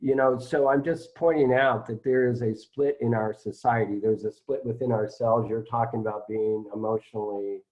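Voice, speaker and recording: A man's voice: lowish voice, fairly even intonation, normal speed, few pauses, darkish tone, dull audio. A man who is a spiritual teacher, talking in a musing, hesitant way with many fillers during a casual satsang.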